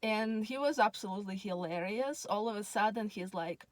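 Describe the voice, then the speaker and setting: A woman's voice: medium pitch, normal speed, hardly any pauses, no echo. A woman, telling a personal story in a chatty, meandering way full of ums. She sounds tired. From Russia. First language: Russian. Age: 30s. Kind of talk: casual storytelling monologue.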